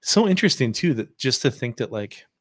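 A man's voice: medium pitch, very animated, fairly quick, fairly bright tone, no room sound, clean studio sound. A man co-hosting a church podcast, reflecting casually on faith with joking asides. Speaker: podcast co-host.

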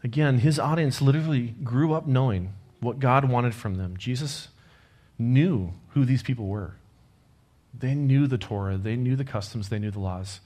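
A man's voice: mid-range voice, normal speed. A man preaching a sermon, telling a personal story in an earnest, conversational way and closing with a prayer. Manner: closes in quiet prayer.

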